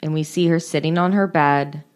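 Woman co-host, casual film recap, slightly low voice, lots of filler words. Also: steady tone, normal speed. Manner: fillers "like", retells scenes. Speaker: podcast co-host.

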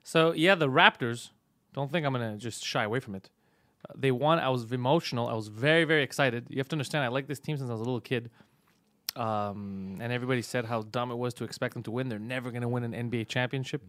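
A brash man riffs through a casual comedy podcast, cursing and teasing his co-host. He talks at a quick clip into a close mic. The sound is dry, with no room around it. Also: mid-range voice, fairly bright tone, no echo. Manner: brash, fast, profane joking.

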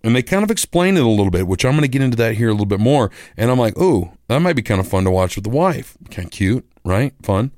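A middle-aged man, a radio host and musician, telling a rambling story in a casual, animated way and acting out the voices of other people. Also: medium pitch, quick pace, few pauses, no room sound, clean studio sound.

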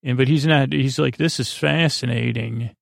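Gravelly deadpan man rambling a recap. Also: medium pitch, dry recording, clean studio sound. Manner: halting, filler-heavy retelling in "he goes, she goes"; flat, deadpan delivery. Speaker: podcast host. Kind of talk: rambling episode recap for falling asleep.

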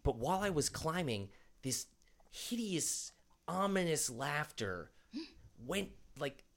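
A man playing a tabletop game, telling his character's exploits in an animated, boastful way. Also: on the high side, slow. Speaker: player. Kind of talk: casual tabletop banter.

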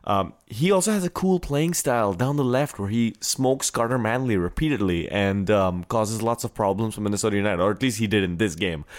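A man's voice: on the low side, a little fast, few pauses. A man from India co-hosting a podcast, chatting casually and playfully. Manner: animated, playful with points game. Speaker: podcast co-host. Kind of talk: casual chat.

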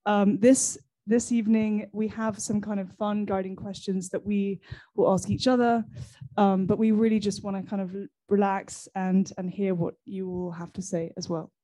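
A woman's voice: medium pitch, level tone, normal speed, mellow. An English woman hosting a live library event, chatty and laughing, with many fillers and restarts. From England. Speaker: host, library programs manager.

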